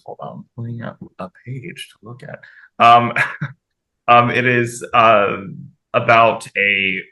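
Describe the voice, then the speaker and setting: Een heldere, levendige mannenstem. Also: male voice, fairly low pitch, low-quality recording. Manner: rambling, animated, laughs often. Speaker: podcast co-host. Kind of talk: casual chat.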